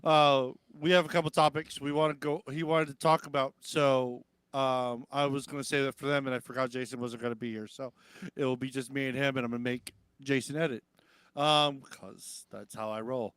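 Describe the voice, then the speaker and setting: A man's voice: mid-range voice, fairly even intonation, moderate pace, a bit bright, clean tone, no room sound. A man hosting a live-stream talk show, rambling casually and swearing, lifting his voice to mimic others. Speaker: podcast host.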